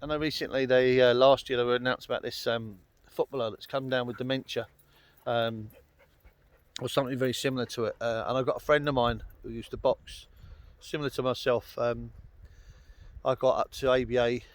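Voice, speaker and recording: A man's voice: mid-range voice, fairly even intonation, fairly quick, no echo. Rambling man on a hillside. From London. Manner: chatty, rambling, full of ums and uhs. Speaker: outdoors vlogger. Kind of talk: rambling casual vlog chat. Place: outdoors on a Welsh hillside. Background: dogs nearby.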